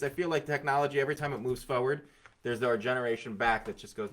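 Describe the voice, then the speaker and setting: A man appearing as a guest on a comedy podcast, riffing quickly in casual chat and acting out quotes as he goes. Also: medium pitch, steady tone, a bit bright.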